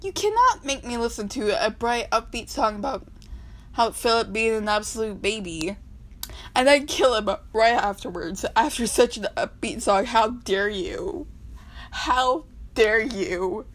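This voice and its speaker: A woman casually reading comics aloud, animated and given to dramatic, mock-outraged outbursts. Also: fairly high pitch, moderate pace, rough recording. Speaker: comic dub reader.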